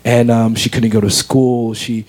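A man's voice: mid-range voice, flat delivery, unhurried, a little mellow. An American man in his twenties earnestly sharing a personal faith testimony as an interview guest. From United States. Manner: earnest, heartfelt storytelling.

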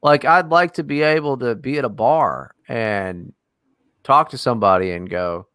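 A man's voice: medium pitch, normal speed, fairly bright tone, dry recording, studio quality. A man co-hosting a podcast, ranting in a casual, profane and exasperated way. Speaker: podcast co-host.

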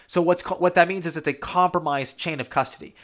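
A man with a somewhat high voice delivers a heated political monologue. He rambles, repeats phrases and restarts sentences, and drops mocking asides as he goes. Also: quick pace, fairly bright tone. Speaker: political commentator.

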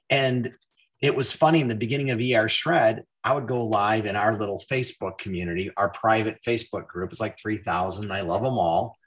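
Animated man telling stories in a casual chat. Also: on the low side, fairly quick. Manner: animated storyteller, acts out quoted dialogue. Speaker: podcast host.

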